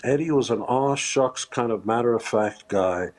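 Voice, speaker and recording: A lower-pitched man with a husky, breathy voice, speaking as a guest in a live news interview from a remote location. He talks haltingly and with emotion, often restarting his sentences and filling gaps with "uh." The words come slowly and unevenly. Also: fairly even intonation. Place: remote location far from the studio.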